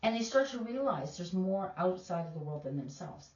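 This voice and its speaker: A woman's voice: lowish voice, sing-song, normal speed, darkish tone. A woman teacher, giving emphatic, opinionated casual commentary. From Canada. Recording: distant, echoey, dull lo-fi.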